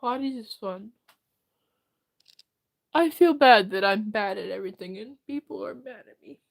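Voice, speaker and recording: A woman livestreaming, reading chat and answering in a halting, rambling, self-deprecating way while close to tears. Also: mid-range voice, lively intonation, creaky. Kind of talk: live chat reading and reply.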